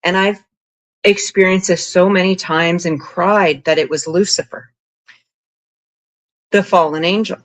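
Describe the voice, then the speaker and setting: A woman guest on an interview podcast, telling long spiritual stories in a rambling, animated way, full of "like" and "you know". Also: on the low side, measured pace, pauses often. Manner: rambling, animated, frequent 'like' and 'you know'. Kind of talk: casual interview storytelling.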